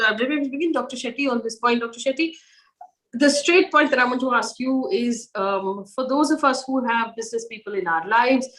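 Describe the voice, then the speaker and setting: Female news anchor, slightly high-pitched, brisk and direct moderator. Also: fairly bright tone, rough recording. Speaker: news show host. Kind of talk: moderating a panel.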